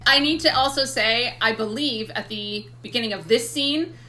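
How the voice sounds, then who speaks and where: A young woman chats about a film with a bright, clear tone pitched a little high. She jumps in with enthusiastic reactions and quick asides in an easy conversational way. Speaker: podcast co-host. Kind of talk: casual movie review chat.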